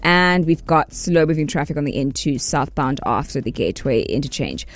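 A man's voice: fairly high pitch, lively intonation, moderate pace. Chatty man reading traffic. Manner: chatty, self-mocking. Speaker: traffic presenter. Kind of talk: casual radio traffic report.

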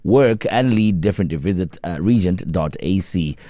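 A man hosting a radio show, bantering in a lively, teasing way with his co-hosts. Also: low voice, normal speed, no room sound, clean studio sound. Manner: animated, teasing, laughs often.

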